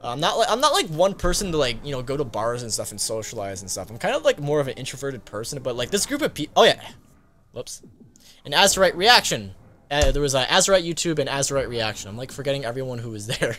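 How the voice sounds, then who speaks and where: A man, a gaming YouTuber, telling a casual story-time vlog in a rambling way, full of fillers and quick laughs. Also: mid-range voice, very animated, a bit bright.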